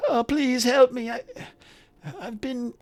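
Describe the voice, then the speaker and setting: A man voicing a desperate, poisoned man who pleads frantically for help in a high, strained voice. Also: steady tone, slow pace. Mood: pleading.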